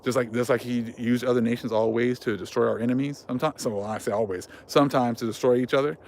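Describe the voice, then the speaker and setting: A man's voice: medium pitch, fairly even intonation, fast, gravelly, darkish tone, a little hiss or hum. A man hosting a religious commentary vlog, speaking fervently in casual slang and repeating himself for emphasis. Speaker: vlog host.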